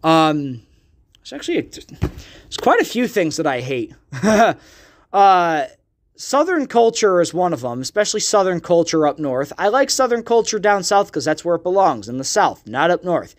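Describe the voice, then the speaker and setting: A man's voice: sits high, very animated, normal speed. A young man hosting a podcast, ranting in a casual, profane monologue full of fillers. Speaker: podcast host.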